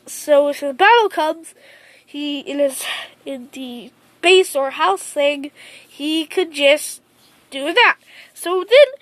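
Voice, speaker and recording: A woman's voice: very high voice, no room sound. A woman making up a fan story as she goes, rambling and repeating herself. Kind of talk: improvised fan story retelling.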